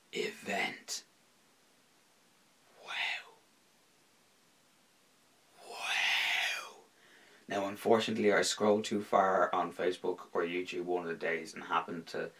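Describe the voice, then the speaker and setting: Very deep gravelly podcast host. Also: male voice, low-quality recording. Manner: rambling, heavy swearing; animated, slips into impressions. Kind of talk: casual sports chat.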